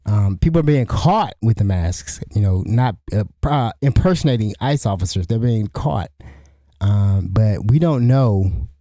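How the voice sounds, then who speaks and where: Solo podcast host, middle-aged man, very mellow tone, rambling conversational delivery. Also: lowish voice, lively intonation, measured pace, dry recording, clean studio sound. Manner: rambling, restarts often, asks "you know what I'm saying?". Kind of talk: solo commentary.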